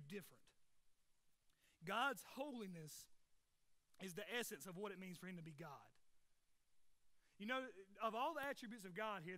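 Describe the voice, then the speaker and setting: High bright-voiced preacher. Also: male voice. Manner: earnest, conversational preaching with rhetorical questions. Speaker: pastor. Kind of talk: sermon.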